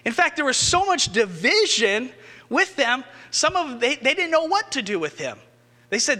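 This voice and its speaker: High, bright-voiced preacher man. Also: normal speed, long reverb tail. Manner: animated storytelling, rising to excited emphasis. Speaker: pastor. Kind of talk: sermon.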